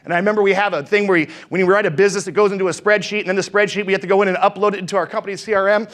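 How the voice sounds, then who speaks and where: Man, middle-aged, very high pitch, lively motivational trainer who acts out dialogue. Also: rapid-fire. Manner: energetic, acts out dialogue, asks crowd questions. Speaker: insurance sales trainer. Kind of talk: motivational seminar talk.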